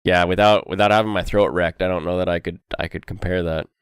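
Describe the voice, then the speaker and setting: A man's voice: low voice, steady tone, fast talker, clear, resonant tone, dry recording, studio quality. A young man hosting a casual anime chat while sick, rambling with many fillers and frequent laughs. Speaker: host.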